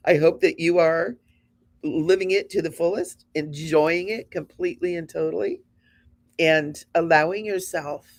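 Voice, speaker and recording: Earnest woman in her fifties, gravelly. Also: low voice, unhurried. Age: 50s. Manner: earnest, encouraging, conversational. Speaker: spiritual show host. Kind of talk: spiritual talk to the audience.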